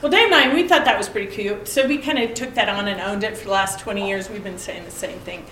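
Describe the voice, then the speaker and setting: A woman's voice: medium pitch, fast talker, sharp tone, slight background noise. A middle-aged woman leads a conversational Bible lesson, asking her listeners pointed rhetorical questions and telling family anecdotes. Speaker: Bible study teacher. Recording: echoey room, mic at a distance.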